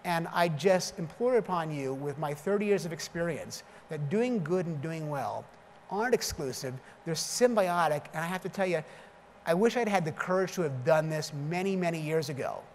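A middle-aged man delivers an emphatic conference keynote, lacing it with jokey asides. His voice sits fairly high. It rings with long reverb in a large hall over faint background noise. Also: expressive, a little fast. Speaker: keynote speaker.

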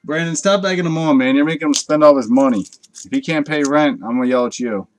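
A man's voice: on the high side, fast talker, a little hiss or hum. A man hosting a live card break, chatting casually with viewers and swearing freely as he opens packs late at night. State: tired from a long night.

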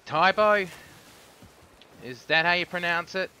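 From a home room with fireworks going off outside, an Australian man chats casually while streaming a game, giving live commentary and cursing when things go wrong. His voice is high-pitched and sharp, at a measured pace, with slight background noise.

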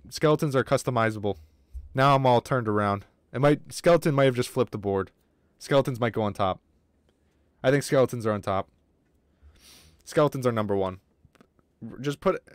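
A man streaming a game live, with casual, excitable commentary, lots of swearing and remarks aimed at his chat. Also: mid-range voice, no echo, studio quality. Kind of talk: casual livestream gaming commentary.

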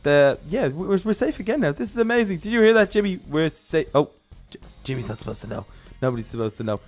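Excitable young man narrating game role-play. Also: a little high, quick pace, soft background music. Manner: excitable, narrates every move aloud, shouts in action. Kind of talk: in-character gameplay narration.

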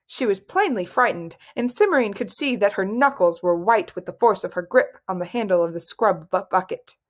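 Woman, audiobook narrator, fantasy novel, measured, even. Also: mid-range voice. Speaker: audiobook reader.

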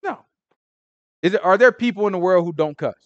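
A man with a high-pitched, slightly fast voice gives casual, emphatic Bible teaching in a street-style manner, peppering it with rhetorical questions, conversational asides, and frequent "you know what I'm saying." The recording is dry with a lo-fi sound.

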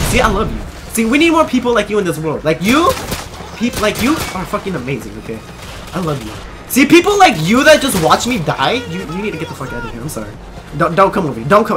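Foul-mouthed, lively gamer yelling at players. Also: mid-range voice, fast. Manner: swears constantly, pleads and yells at other players. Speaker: gaming YouTuber. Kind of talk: live gameplay commentary.

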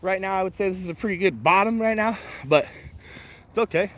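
A high-voiced man talks a little fast, with a fairly bright tone, while out on a morning walk with his dogs. As a vlogger reading live chat, he answers comments bluntly and casually, swearing freely, staying laid-back, and laughing often.

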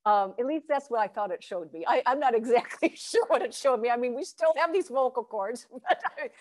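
A woman's voice: expressive, fairly quick. A woman teaching a Zen chanting workshop over a video call, guiding students with encouragement and light laughter. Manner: demonstrates chants and low vowel sounds from the belly.

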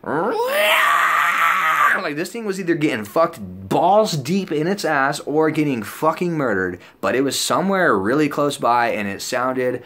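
A man's voice: a little high, sing-song, normal speed, hardly any pauses, a bit bright, slight background noise. Rambling, profane young man telling a story. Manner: rambling and profane, full of "like" and "dude"; acts out his own past lines in a raised voice. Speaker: vlogger. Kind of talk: casual storytelling.

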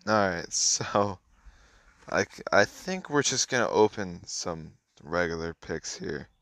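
A man's voice: deep voice, expressive, takes it slowly, fairly bright tone, dry recording, studio quality. A man giving offhand, casual running commentary while playing a mobile game, muttering his thoughts as he goes.

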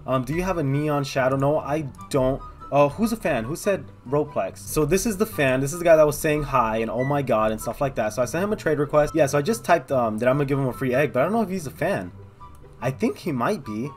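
A young man rattles through his gameplay in quick, excitable commentary. He thinks out loud and keeps turning to his viewers. His voice sits a little high, with soft guitar music underneath. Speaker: gaming video host.

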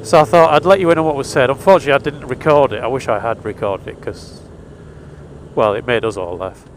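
A man's voice: mid-range voice, quick pace, slight background noise. A man chatting wryly and with some exasperation as he tells a story while riding a motorcycle. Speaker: motorcycle vlogger. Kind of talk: casual storytelling monologue. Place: outdoors on a motorcycle.

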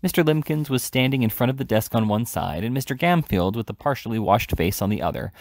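A man reading a classic novel aloud, steady, with occasional self-corrections. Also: fairly low pitch, gravelly, dry recording, studio quality. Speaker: audiobook reader.

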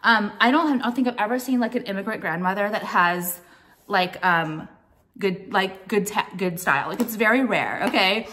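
A woman's voice: medium pitch, moderate pace, bright, forceful tone. A young adult woman vlogging in a casual, blunt rant, opinionated and full of swearing and "like". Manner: blunt, profane, opinionated, heavy use of "like".

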